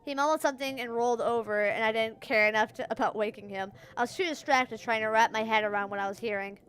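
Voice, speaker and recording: High-voiced young woman reading game narration. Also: quick pace, clean tone, faint music behind. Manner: dramatic, breaks into excited asides. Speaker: game streamer. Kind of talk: reading visual novel narration aloud.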